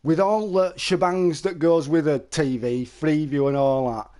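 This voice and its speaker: A man's voice: fairly high pitch, steady tone, a little slow, mellow. A middle-aged man, chatting casually to viewers on a live stream and telling stories. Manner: chatty, storytelling, calls listeners mate.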